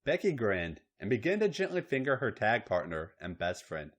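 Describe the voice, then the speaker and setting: A man's voice: fairly low pitch, very animated, moderate pace. A man hosting a podcast, reading a story aloud in a matter-of-fact way. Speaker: podcast host and story reader. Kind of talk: reading erotic fiction aloud.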